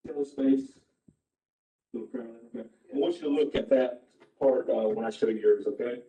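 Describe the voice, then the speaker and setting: Man, very dark tone, chiropractor explaining an X-ray, far from mic, roomy echo. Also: mid-range voice, moderate pace. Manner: checks in with short questions. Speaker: chiropractor showing an X-ray to a patient. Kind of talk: explaining to a patient. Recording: distant echoey room recording.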